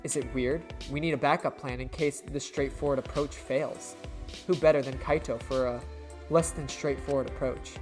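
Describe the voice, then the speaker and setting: A man voicing a cold, blunt young woman who speaks in a flat, curt way. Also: moderate pace, soft background music, natural voice. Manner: flat, curt, low-voiced.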